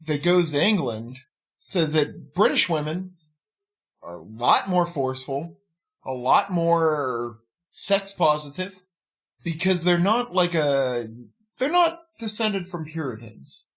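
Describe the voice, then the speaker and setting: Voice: medium pitch, big pitch swings, takes it slowly, a bit bright. A podcast co-host in casual movie chat, talking in a wry, sarcastic way and swearing offhandedly.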